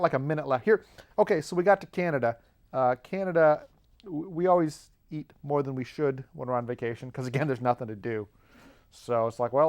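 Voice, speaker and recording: A man telling rambling, jokey stories in a casual monologue, often cutting himself off mid-sentence. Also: a little high. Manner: rambling, self-interrupting, jokey. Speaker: show host.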